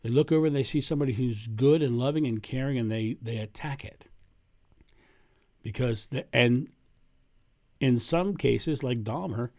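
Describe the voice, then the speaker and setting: A man's voice: medium pitch, mellow, no echo, clean studio sound. Rambling man talking about spirituality. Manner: rambling, with many restarts and repeated words. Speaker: spiritual teacher. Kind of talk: casual spoken talk to camera.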